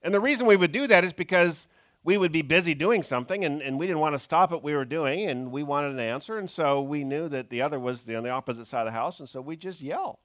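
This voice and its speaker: A man preaching a sermon in a conversational storytelling manner, swinging between loud bursts and hushed asides. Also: fairly high pitch, fast talker, dry recording, studio quality.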